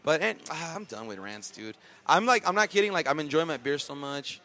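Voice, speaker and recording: A man's voice: on the high side, animated, brisk, pushed and bright. A man co-hosting a casual podcast, ranting profanely with lots of fillers and restarts. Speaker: podcast co-host. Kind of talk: casual comedic rant.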